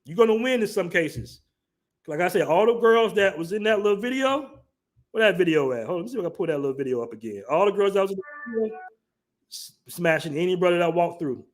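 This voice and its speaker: A man's voice: sits high, animated, fast. A man in his forties hosting a livestream, talking casually in slang and joking with his chat. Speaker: livestream host.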